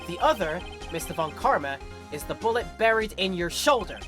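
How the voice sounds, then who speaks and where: A woman's voice: on the low side, expressive, a little fast, faint music behind, close to an everyday voice. A woman voicing a determined young male defense lawyer who presses his case confidently.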